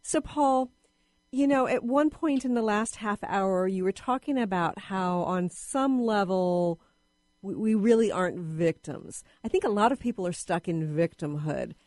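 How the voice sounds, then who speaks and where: A woman hosts a radio talk show from a dry, close studio mic. She asks her guest questions at a middling pitch and stops often to search for words. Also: animated, unhurried, a little mellow, no room sound. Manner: hesitant, with fillers and restarts. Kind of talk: radio interview.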